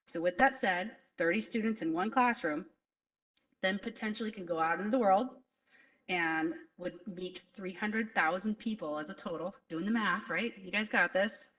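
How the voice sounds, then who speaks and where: A woman's voice: medium pitch, moderate pace, a bit bright, distant mic, rough recording. A woman principal giving an earnest, emotional graduation speech to students. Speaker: school principal. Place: school graduation ceremony.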